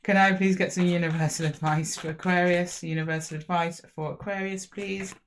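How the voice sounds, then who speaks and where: A woman's voice: on the low side, brisk, a little hiss or hum. A woman giving a casual, chatty tarot reading, speaking straight to the viewer. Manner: chatty, animated, talks directly to viewer. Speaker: tarot reader.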